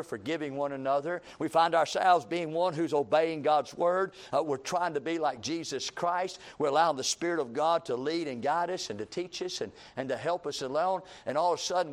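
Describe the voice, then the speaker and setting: High-pitched preacher. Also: male voice. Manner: rising to impassioned shouts, then dropping low; reads scripture in old-fashioned cadence. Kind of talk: sermon.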